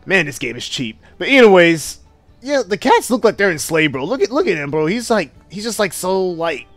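A man's voice: high voice, big pitch swings, moderate pace, fairly bright tone, dry recording, faint music behind. A young man hosting game commentary, brash, profane and mocking as he plays. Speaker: gaming channel host.

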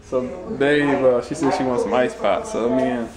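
A young man hosting a home vlog in his kitchen, joking in a playful, animated way. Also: medium pitch, moderate pace, crowd noise. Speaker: vlogger, expectant father.

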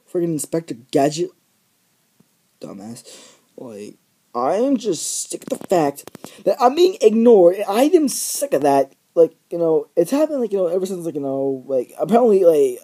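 A man's voice: high voice, dark tone. A teenage boy ranting casually on his vlog, profane and rambling, full of filler words. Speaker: vlogger.

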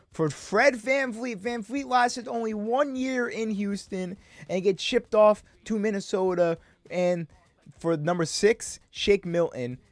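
A young man talks through a basketball video game in a loose, chatty way, often stopping mid-thought to second-guess himself. His voice sits at an ordinary middle pitch. It is recorded dry and close, with no room sound. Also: no room sound. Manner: mimics a draft announcer for the picks. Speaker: gaming YouTuber. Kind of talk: casual gameplay commentary.

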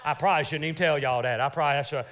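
A man preaching a lively, joking sermon in church as pastor, calling out for amens. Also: a little high, very fast. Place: church sanctuary.

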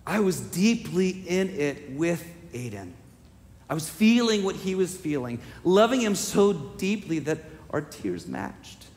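A male pastor preaching a sermon, telling a personal story with deep emotion and building to emphatic, repeated declarations. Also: sing-song, a little mellow. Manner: slow, emotional storytelling with swelling emphatic repetition. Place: church sanctuary. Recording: long reverb of a church sanctuary.

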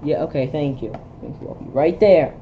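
A woman at home reading a film script aloud for laughs, stumbling over lines in a deadpan way. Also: low voice, fairly quick, dull audio, a little hiss or hum. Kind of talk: casual comedic script reading. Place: home with a pet dog.

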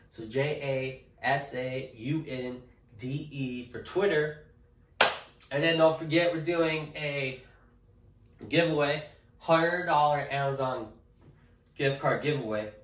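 A man's voice: medium pitch, a bit bright, distant mic. A man chatting casually to camera in a joking, rambling way, often tagging lines with okay. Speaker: vlogger. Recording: echoey room, off-mic.

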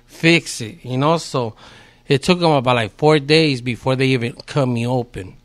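A man's voice: medium pitch, slow pace. A man, a podcast guest telling a story in a laid-back, slangy way with heavy swearing. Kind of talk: casual storytelling.

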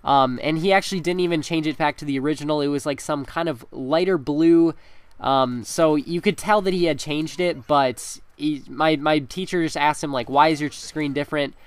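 Chatty young man with a crisp voice. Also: on the high side, moderate pace, dry recording. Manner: chatty, laughing, many fillers. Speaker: gaming commentator. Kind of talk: casual storytelling over gameplay.

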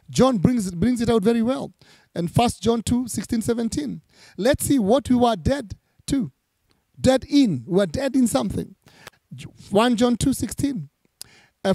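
The sermon features a male pastor reading from scripture and revisiting crucial lines to underline them. His pitch is high and his tone mellow, captured in a close, dry recording that has no room sound.

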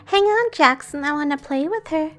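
A woman's voice: sits high, lively intonation, moderate pace, fairly bright tone, faint music behind. A woman voicing a playful, squeamish little girl doll who giggles and squeals.

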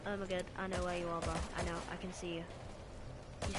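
A woman giving excitable live gameplay commentary, yelping and shrieking as the action happens. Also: lowish voice, fast talker, long pauses, noisy background. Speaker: gamer streaming live.

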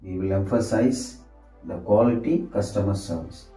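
A man's voice: on the low side, mellow, distant mic. A man teaching English grammar, repeating each example sentence and answering himself with "yes". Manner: slow, repetitive, says sentences over and over. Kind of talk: grammar lesson. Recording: echoey room, voice set off from the mic, faint music.

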